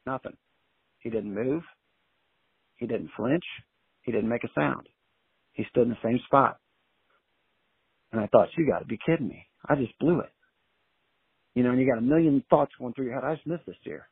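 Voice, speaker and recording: Husky man on a tinny phone line. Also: medium pitch, normal speed, pauses often, dry recording. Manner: colloquial, animated anecdote telling. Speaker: interview guest. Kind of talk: casual storytelling.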